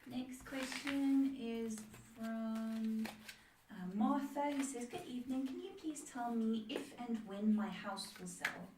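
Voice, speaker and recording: A woman's voice: on the high side, slow. Woman reading questions, far from the mic. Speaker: co-host reading out viewer questions. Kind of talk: reading viewer messages aloud. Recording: far from mic, roomy with background noise.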